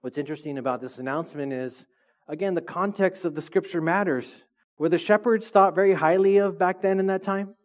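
A man preaching a sermon as a pastor, lively and joking, acting out voices from his stories. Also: high voice, brisk. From California. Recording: dull lo-fi sound.

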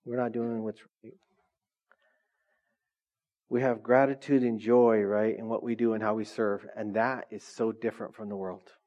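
Animated chatty male pastor, lo-fi sound. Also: lowish voice, normal speed, pauses often. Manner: animated, chatty, laughs often, asks the congregation. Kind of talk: conversational sermon.

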